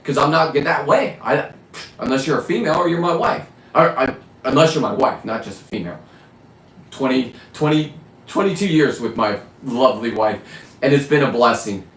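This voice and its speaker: A man's voice: medium pitch, a bit bright, echoey room, poor audio. A middle-aged man hosting a live stream, ranting in a blunt, profane, rambling way. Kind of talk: casual live-stream rant.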